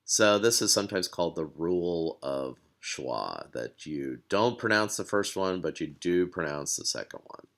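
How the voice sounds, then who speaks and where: A man with a very low voice walks through a language lesson at a slow, measured pace. He explains patiently, pausing on fillers and repeating himself now and then. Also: fairly bright tone. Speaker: language teacher.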